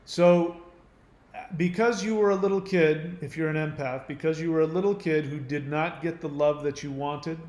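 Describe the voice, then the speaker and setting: A man hosting his channel, explaining in an earnest, emphatic monologue. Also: on the high side. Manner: earnest, emphatic, acts out quoted voices. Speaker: channel host. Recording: roomy echo.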